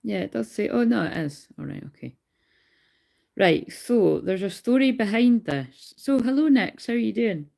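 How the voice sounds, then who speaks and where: A woman's voice: mid-range voice, expressive, normal speed, vocal fry, dark tone. A Scottish woman chatting on a live stream as a tarot card reader, rambling and swearing casually while tired in bed at home.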